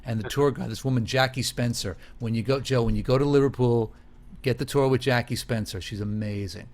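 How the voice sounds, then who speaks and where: A man in casual conversation on a podcast, telling lively stories and acting out the people in them. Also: mid-range voice, a little fast. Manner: animated storyteller who acts out quoted voices. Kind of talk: casual chat.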